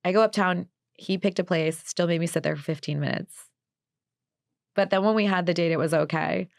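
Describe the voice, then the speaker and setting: A young adult woman co-hosting a podcast, telling dating stories in a blunt, animated way and swearing freely. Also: lowish voice, brisk, creaky, no echo, studio quality. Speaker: podcast co-host. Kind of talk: casual chat, storytelling. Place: New York.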